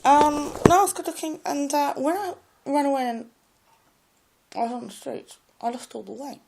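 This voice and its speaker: A woman talking to camera in a rambling personal monologue, repeating herself and trailing off into soft mumbles. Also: sits high, fairly even intonation, normal speed, vocal fry, a little hiss or hum, rough recording. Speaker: vlogger.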